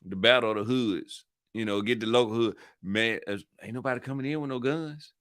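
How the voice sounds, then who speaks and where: A man's voice: medium pitch, brisk, fairly bright tone, dry recording, studio quality. A man hosting his own channel, talking in a casual, rambling monologue full of slang, repeating himself and hyping things up playfully. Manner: slangy, repetitive, playful hype. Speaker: channel host.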